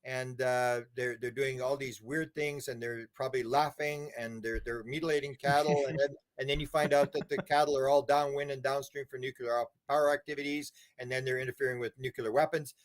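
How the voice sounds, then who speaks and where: A man's voice: medium pitch, little pitch movement, a little fast, few pauses. A man being interviewed, telling long rambling stories, repeating words and acting out quotes. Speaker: interview guest. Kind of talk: casual interview talk.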